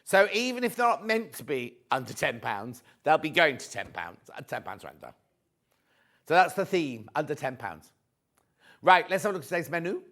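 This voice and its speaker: A man presenting a live TV shopping show, chatty and excitable, reading out prices and viewer messages. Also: on the high side, normal speed. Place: TV studio.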